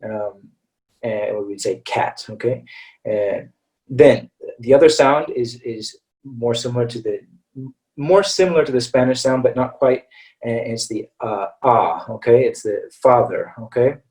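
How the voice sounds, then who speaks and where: A man with an American accent teaching English vowel pronunciation in a webinar, patiently modelling each sound slowly and checking in with "okay?" after nearly every phrase. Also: mid-range voice, darkish tone, distant mic, low-quality recording. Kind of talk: webinar lesson.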